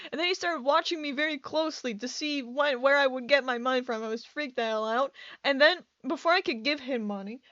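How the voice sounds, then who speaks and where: A woman's voice: high-pitched, a little fast, few pauses, a bit bright, dry recording, dull audio. A woman doing a casual voice-over for her building video, rambling and scattered, with many restarts and bursts of laughter. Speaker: video creator.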